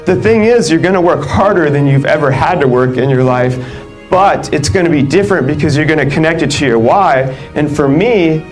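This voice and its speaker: A man in his thirties giving a live motivational keynote, telling his story in a lively, conversational way with lots of "like" fillers. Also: fairly high pitch, brisk, soft background music, low-quality recording. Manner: animated, conversational, many "like" fillers, laughs between lines. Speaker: keynote speaker. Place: live event stage.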